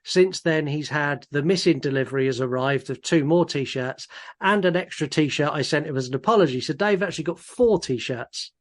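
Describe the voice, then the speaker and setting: This man co-hosts a laid-back podcast, speaking at an ordinary speed in a fairly high pitch. Quick to laugh, he frequently starts over mid-sentence while reading listener messages aloud.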